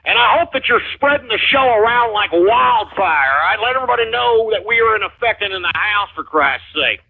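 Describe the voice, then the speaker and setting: Brash Texan radio host, phone-like sound. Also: male voice, high voice, lively intonation, fairly quick, gravelly, hardly any pauses, soft background music. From Texas. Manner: brash, combative, shouts back at callers. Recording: muffled, phone-like radio stream.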